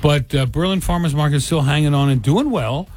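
A man's voice: on the high side, brisk, a little mellow, no echo, soft background music. An older man co-hosting a radio talk show, chatting casually in a rambling way with many restarts and asides. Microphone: studio microphone.

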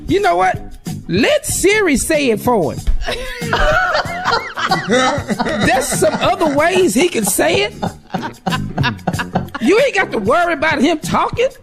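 A woman's voice: very high voice, wildly swooping pitch, takes it slowly, long pauses, over loud music. A woman co-hosting a radio advice show, joking and teasing with a laugh in her voice. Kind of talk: casual comedic advice chat.

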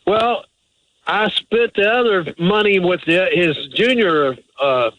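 A man with a slightly high voice calls in to a radio advice show. He tells a rambling, hesitant story, halting and restarting often. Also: a bit bright, a little hiss or hum, rough recording. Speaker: caller. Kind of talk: phone-in call.

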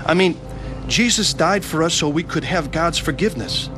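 A man's voice: on the high side, lively intonation, moderate pace. Earnest man narrating over music. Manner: earnest and gentle. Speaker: narrator of personal testimony. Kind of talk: dramatized testimony narration.

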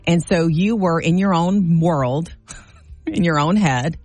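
A woman's voice: lowish voice, takes it slowly, no room sound, soft background music. A middle-aged woman co-hosting a morning radio show, telling stories with lots of laughter in casual banter. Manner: animated storytelling, laughs often.

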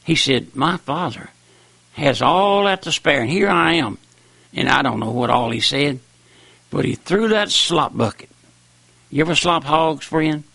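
A man's voice: on the high side, expressive, a little slow, creaky, sharp tone, husky, dry recording. An older man preaching a folksy, rambling sermon with rising and falling emphasis. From raised on a farm. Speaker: preacher on radio.

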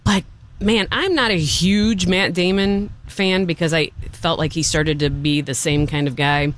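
Enthusiastic rambling man, slightly high voice. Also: steady tone, unhurried, fairly bright tone. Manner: enthusiastic, rambling, with many restarts. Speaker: film reviewer. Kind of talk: casual chat.

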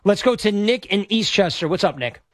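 A man's voice: high voice, expressive, normal speed, no room sound, studio quality. A man hosting sports talk radio, brash and rambling as he plugs an event and takes calls. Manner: brash, rambling, self-promoting. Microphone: studio microphone.

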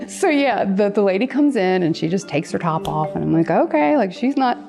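A woman tattoo artist telling stories in casual chat, laughing often and jumping high in pitch when she quotes people. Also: lively intonation, a little fast, creaky, over music. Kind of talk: casual storytelling.

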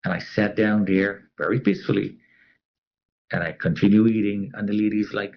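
A man's voice: lowish voice, steady tone, moderate pace, gravelly, highs cut off. A man telling a personal story as an interviewee. He talks animatedly and acts out the other people's voices.

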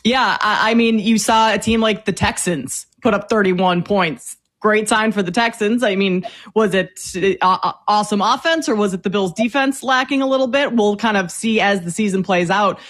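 A woman's voice: mid-range voice, fairly bright tone. Chatty woman hosting a football talk show. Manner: chatty with frequent fillers and quick bursts. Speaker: host. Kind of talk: casual sports talk.

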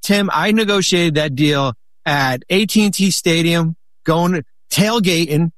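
A man's voice: a little high, a little slow, no room sound. Guy rambling through old deal stories, lots of restarts, dry close sound. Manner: rambling, many restarts, animated when quoting. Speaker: guest, former basketball executive. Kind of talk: casual storytelling chat.

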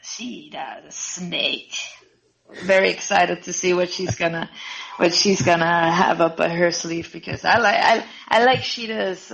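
A woman's voice: on the low side, gravelly, a bit bright, dull audio. A woman, a guest wrestler, answering interview questions in a giggly, hesitant way.

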